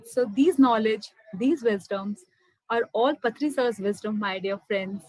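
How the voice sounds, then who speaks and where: Indian lady telling her spiritual story, higher voice, says my dear friends a lot. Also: unhurried, warm tone, dry recording, low-quality recording. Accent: Indian English. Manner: earnest, addresses listeners as "my dear friends". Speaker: spiritual speaker. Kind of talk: motivational personal testimony.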